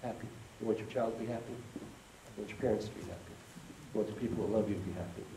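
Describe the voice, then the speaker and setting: A man's voice: on the low side, steady tone, fast. A man giving a motivational keynote talk who leads the audience in call and response. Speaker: keynote speaker. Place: conference hall with an audience. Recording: echoey hall, distant mic, faint noise.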